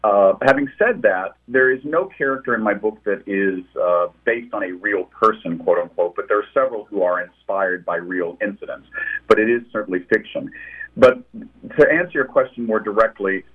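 A man's voice: on the low side, moderate pace, husky. A man, a novelist, answering interview questions and telling stories about his books, with frequent restarts. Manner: storytelling, thoughtful, with frequent restarts. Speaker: novelist guest. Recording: tinny phone line.

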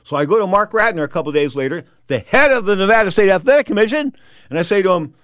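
A middle-aged man telling a casual anecdote, animated and rambling, full of repeats and fillers. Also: high voice, quick pace, dry recording, clean studio sound. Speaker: storyteller.

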